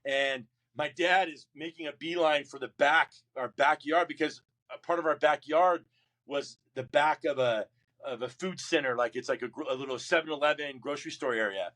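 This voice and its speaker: Man, middle-aged, interview guest, slightly higher voice, animated storytelling, restarts sentences. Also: normal speed. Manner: animated, acts out quoted voices, frequent restarts. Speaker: guest, Marine veteran.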